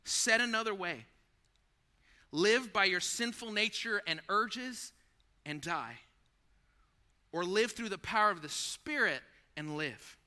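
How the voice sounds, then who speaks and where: With a voice that sits high, this male pastor preaches slowly, leaving long pauses. His sermon feels conversational and lively, treating the audience like friends while he acts out scenes from a story.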